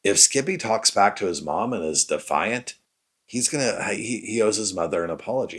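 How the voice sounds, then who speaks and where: A man's voice: lowish voice, expressive, moderate pace, fairly bright tone, husky. A middle-aged man hosting a podcast, talking about parenting in an earnest, conversational way and speaking straight to the listener. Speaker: podcast host. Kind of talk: reflective parenting talk.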